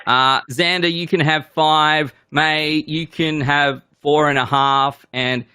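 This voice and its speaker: A man's voice: a little high, steady tone, takes it slowly, pushed and bright, clear, resonant tone, no room sound, studio quality. A man hosting a casual whisky game show, loose and self-deprecating.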